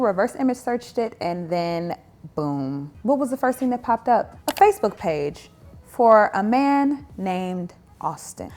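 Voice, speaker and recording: A young adult woman telling a dating story in a casual vlog, animated and sarcastic with emphatic asides. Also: medium pitch.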